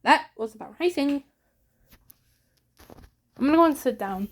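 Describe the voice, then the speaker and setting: A woman's voice: high voice, lively intonation, normal speed. A scared woman vlogging from a home basement during a storm, anxiously asking the same questions over and over. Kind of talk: live vlog during a storm.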